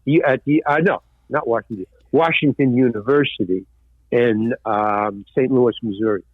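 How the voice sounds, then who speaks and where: An older man, a former stand-up comic, telling lively anecdotes in an interview and acting out the voices of people he quotes. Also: medium pitch, moderate pace, no echo. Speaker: guest, actor and former stand-up comedian. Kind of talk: storytelling interview. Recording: dry, tinny phone-like line.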